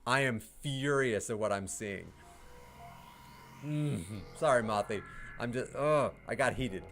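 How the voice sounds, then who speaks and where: A man's voice: mid-range voice, takes it slowly, a bit bright, soft background music. A man from the United States chatting on a livestream, answering chat, ranting heatedly and swearing with laughs in between. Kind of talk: casual livestream chat, reading chat.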